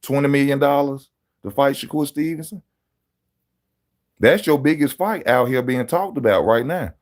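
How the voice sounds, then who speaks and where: Male stream host, brash boxing banter, mid-pitched voice, addresses chat directly. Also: moderate pace. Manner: loud street-style banter, mocking, talks straight to viewers. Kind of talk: live-stream boxing commentary.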